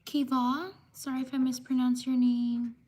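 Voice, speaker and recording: A woman hosting a live stream, slowly reading out shout-outs to viewers and taking care over their names. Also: high-pitched, little pitch movement.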